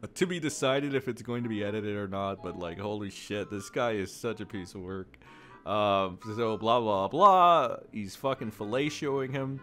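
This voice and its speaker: A man's voice: lowish voice, moderate pace. A man doing profane, mocking reaction commentary who swears a lot and keeps breaking into laughter. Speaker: YouTube commentator.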